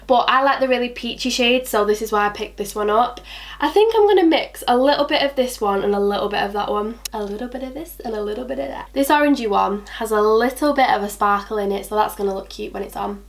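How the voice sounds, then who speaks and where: Bubbly young beauty vlogger. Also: female voice, medium pitch, fast talker. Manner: chatty and bubbly, talks to herself and her products. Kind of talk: casual makeup tutorial chat.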